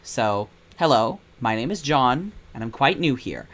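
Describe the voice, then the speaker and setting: A man playing a gentle British vet assistant. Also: medium pitch, animated, measured pace. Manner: gentle, coaxing. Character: earnest young male vet assistant.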